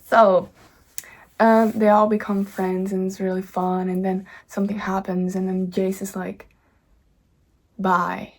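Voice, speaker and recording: A woman's voice: mid-range voice, level tone, measured pace. A young woman casually chatting about her own book at home, rambling, bubbly and easily sidetracked. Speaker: author and vlogger. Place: home indoors.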